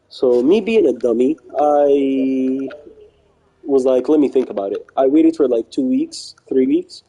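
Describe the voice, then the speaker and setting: A man with a very dark, mellow tone and a husky edge tells a story in a loose, slangy ramble. He keeps looping back with "I was like" and "she's like" as he acts out both sides of the talk. It sounds like casual chat on a live stream. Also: medium pitch, lively intonation, measured pace, highs cut off. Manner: rambling and slangy, repeating himself and quoting others.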